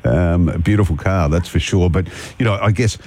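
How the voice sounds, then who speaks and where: A man's voice: sits low, moderate pace, darkish tone. An Australian man hosting a breakfast radio show, chatting casually with a guest and throwing in jokes and sarcastic asides. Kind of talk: casual radio interview chat.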